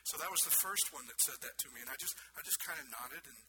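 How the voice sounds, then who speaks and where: A man's voice: medium pitch, lively intonation, quick pace, noisy background. Conversational male pastor preaching. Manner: conversational preaching, asks the congregation questions. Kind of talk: sermon.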